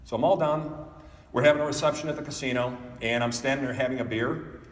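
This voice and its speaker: A man's voice: mid-range voice, fast talker. A man giving a motivational keynote speech at a conference, telling stories and speaking straight to the audience. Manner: animated storytelling, addressing the audience directly. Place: conference hall. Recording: echoey hall picked up from a distance.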